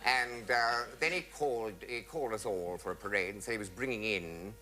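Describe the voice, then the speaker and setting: A man's voice: fairly low pitch, fairly quick, hardly any pauses, pushed and bright. A man telling comic stage anecdotes to a studio audience, theatrical, switching into swooping voices for the people he quotes. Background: audience laughter.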